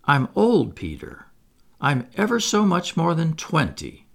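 A man reading aloud voices a gentle grown woman who speaks in a faltering, apologetic way. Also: a little high, wildly swooping pitch, a little slow, vocal fry, pitched above the performer's own voice, full character voice. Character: Wendy, gentle grown woman, guilty and tender.

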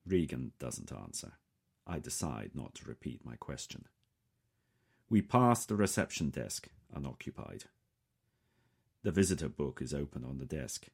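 A man reading a first-person story in a calm, measured way. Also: extremely low pitch, gravelly, husky. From England. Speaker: audiobook narrator. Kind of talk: scripted first-person narration.

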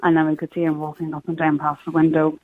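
A woman's voice: low voice, completely flat delivery, fast. A young woman from Sligo with an Irish accent, a radio guest telling a personal story in an earnest, matter-of-fact way. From Ireland, Sligo. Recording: tinny phone line.

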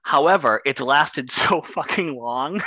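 A man co-hosting a casual sports podcast, ranting with animated energy about sports media. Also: a little high, unhurried, no room sound, rough recording. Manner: animated, ranting, does impressions.

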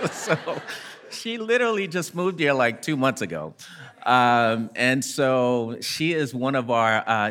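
A man's voice: mid-range voice, a bit bright. A man leading a church small-group discussion, encouraging people to share and answering with short, repeated affirmations.

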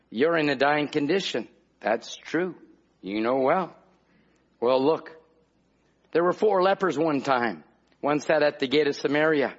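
A man's voice: fairly high pitch, husky. A man preaching a fervent revival sermon, calling out to the congregation in rhythmic bursts. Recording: dull lo-fi old recording.

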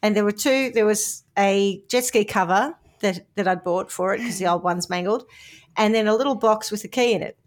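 A woman's voice: medium pitch, normal speed. A middle-aged woman with an Australian accent, co-hosting a podcast in casual, chatty storytelling. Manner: chatty, acts out quoted voices with laughter. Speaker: podcast co-host.

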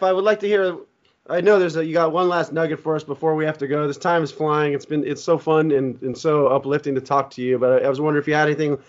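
High-voiced jokey radio co-host man. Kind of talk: casual chat. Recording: dull lo-fi audio.

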